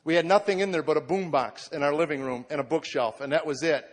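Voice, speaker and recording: Fairly high in pitch and quick in pace, this man in his forties is a comedian delivering testimony to a live audience. He earnestly tells a heartfelt story about himself, performing others' quoted words, and the sound rings with long hall reverb.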